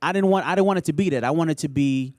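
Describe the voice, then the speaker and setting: A man's voice: fairly high pitch, quick pace, darkish tone, no echo, clean studio sound. A man who sings and acts, talking earnestly and thoughtfully about his work in an interview. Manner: earnest, reflective. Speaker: singer and actor. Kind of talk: casual interview chat.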